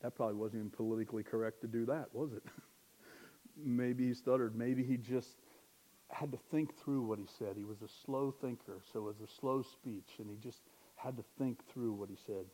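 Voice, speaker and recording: A man's voice: medium pitch, steady tone, brisk, warm tone. A man preaching a sermon in a conversational way, asking rhetorical questions and joking at his own expense. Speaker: pastor.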